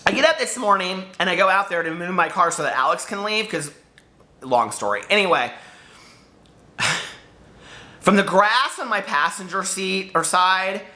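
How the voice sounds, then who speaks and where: A man hosting a casual book vlog from home, telling stories straight to his viewers. His voice is bright and forceful, and his pitch swings widely as he goes. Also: unhurried. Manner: animated storyteller, talks straight to viewers. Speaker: book vlogger.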